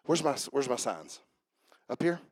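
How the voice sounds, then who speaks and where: A man preaching a sermon as pastor, lively and interactive, calling on his congregation to answer and come up front. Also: mid-range voice, measured pace, husky, no room sound, clean studio sound. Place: church.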